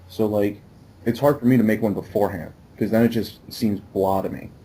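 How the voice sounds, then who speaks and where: A man's voice: fairly low pitch, fairly even intonation, a little fast, dark tone, slightly rough, low-quality recording. A man hosting a podcast in a loose, rambling casual chat with many fillers. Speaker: podcast host.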